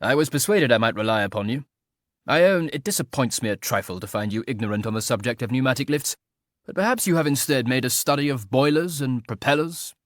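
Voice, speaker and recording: A man's voice: medium pitch, brisk, no room sound, clean studio sound, lightly acted. A man reading an audiobook voices an idle, teasingly ironic aristocratic marquis who talks in a mock-mournful drawl.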